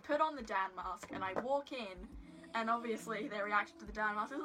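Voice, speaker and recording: A woman with a medium-pitched voice talks briskly to her phone camera, telling a story in a casual vlog. She's giggly and rambling, saying "like" a lot and making self-deprecating asides, with background noise behind her.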